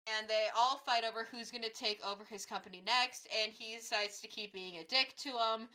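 A young woman co-hosting a casual podcast chat, excitable and quick to gasp and exclaim. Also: on the high side, low-quality recording. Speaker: podcast co-host.

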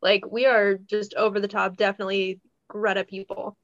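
A woman co-hosting a podcast, telling a story in a rambling, animated casual way and laughing as she goes. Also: mid-range voice, moderate pace, no room sound, highs cut off. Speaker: podcast co-host.

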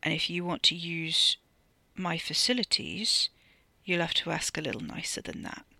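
A narrator voicing Ricky, a gruff, protective working-class man with blunt, ungrammatical speech. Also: medium pitch, lively intonation, normal speed, bright, forceful tone, no echo, heavily acted. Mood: dry.

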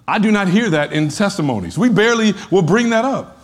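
A man preaching a sermon in a slightly high voice. He talks conversationally, slips into the voices of churchgoers to make his point, and climbs at times into emphatic shouts. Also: expressive, fairly quick. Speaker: pastor.

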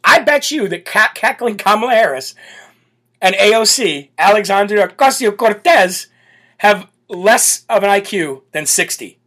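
A man's voice: sits high, lively intonation, measured pace, sharp tone. Man, political talk host, brash, sarcastic, mocking rant. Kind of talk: ranting political commentary.

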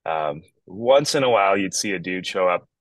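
A man from Northern Ontario, a guest musician on a podcast, talking outdoors in his yard over a video call, relaxed and rambling with frequent restarts. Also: low-pitched, moderate pace, dry recording, poor audio. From Northern Ontario, Canada. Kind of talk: casual podcast chat.

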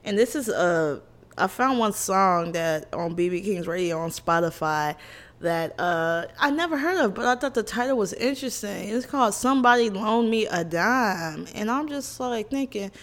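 A young woman vlogger telling funny stories about her family in a casual chat. She is animated and blunt, with exclamations, laughs and cursing. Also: mid-range voice, normal speed. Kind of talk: casual comedic storytelling to camera.

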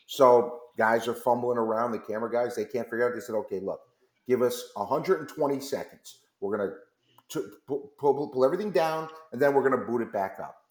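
A man's voice: mid-range voice, brisk, a little mellow, reverberant. A man telling a long story as a guest on a radio interview, acting out the back-and-forth of phone calls. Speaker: company founder as guest. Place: radio studio.

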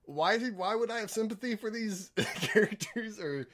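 A man's voice: high-pitched, expressive, normal speed. Hesitant, rambling American man. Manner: hesitant, many fillers and restarts, laughs softly. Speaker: podcast co-host. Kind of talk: casual film review chat.

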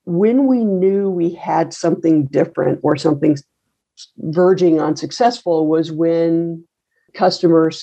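A middle-aged woman with a low, gravelly voice talks through her story in a loose, wry manner, often pausing on fillers and restarting. Her tone is dark and mellow, and the recording sounds a bit dull and lo-fi. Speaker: coffee roaster and business owner. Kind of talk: casual interview storytelling.

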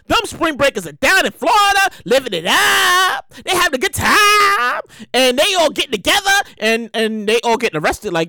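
A young woman hosts her own show in loose, comedic rants. She swears freely and jumps into quick voices for the people she describes. Her voice is high and bright and swings widely, recorded dry and close. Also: no echo. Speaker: podcast host. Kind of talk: casual comedic commentary.

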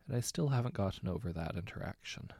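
A man reading short anecdotes aloud in a relaxed, conversational way, correcting himself now and then. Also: on the low side, quick pace, vocal fry, no echo, studio quality. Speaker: story narrator.

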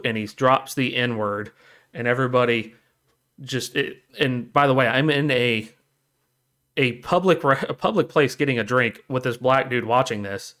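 A man co-hosting a casual podcast, retelling a movie scene with lots of energy. He breaks into squeaky high voices whenever he quotes a character, then drops back to his ordinary mid-range voice. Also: normal speed, a bit bright. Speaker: podcast co-host. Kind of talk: casual chat.

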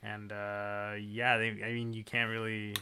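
A man's voice: lowish voice, completely flat delivery, unhurried, pushed and bright, slight background noise. A man co-hosting a casual podcast, agreeable and hesitant, with many fillers. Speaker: podcast co-host. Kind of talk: casual chat.

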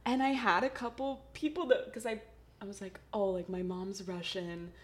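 A woman's voice: mid-range voice, fairly even intonation, moderate pace. A young woman from Texas, hosting a podcast in casual, chatty talk full of "like" and laughter. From Texas, USA. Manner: chatty, laughing, heavy use of "like". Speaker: podcast host. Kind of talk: casual chat.

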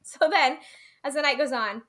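A woman's voice: sits high, normal speed, a bit bright. A young woman co-hosting a podcast, telling stories in casual chat, giggly and full of "like"s. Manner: giggly storytelling, many "like"s. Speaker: podcast co-host.

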